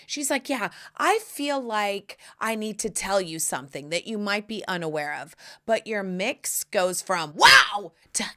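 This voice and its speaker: Woman, podcast host, sassy, theatrical, loud bursts to whispers, very lively pitch. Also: unhurried, hardly any pauses. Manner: sassy, calls listeners honey. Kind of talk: casual solo podcast chat.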